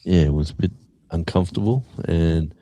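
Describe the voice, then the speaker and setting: A man's voice: low-pitched, normal speed, no room sound. An Australian man, a guest musician, telling a story in casual chat and acting out what people said. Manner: animated storyteller acting out quotes.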